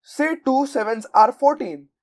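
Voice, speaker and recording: A towering bully of a headmistress barks and thunders through the storybook, as a woman reading aloud puts her on. Her words drip with sarcasm and scorn, and her shouts climb sharply higher and louder. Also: expressive, a little slow. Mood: bellowing. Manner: snapping, bellowing.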